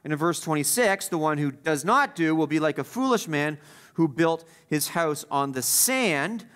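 A man preaching a sermon as the pastor, emphatic, repeating key phrases and swinging between loud stresses and quiet asides. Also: fairly high pitch, expressive, normal speed, clear, resonant tone.

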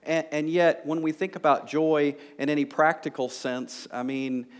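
A pastor preaches to a congregation in a church sanctuary, sounding conversational and joking and often using fillers like "you know." His voice is fairly high, smooth, and fairly even in intonation, at a normal speed.

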